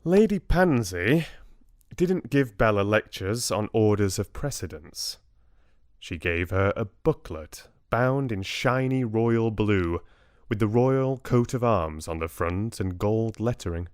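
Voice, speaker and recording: A British man narrating an audiobook calmly, in a measured storytelling manner, close to the mic. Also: lowish voice, no echo.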